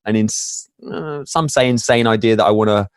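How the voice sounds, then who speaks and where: A man's voice: on the low side, moderate pace, dry recording. Rambling man, dry sound. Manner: rambling storyteller, many fillers and restarts. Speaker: podcast guest. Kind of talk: casual interview chat.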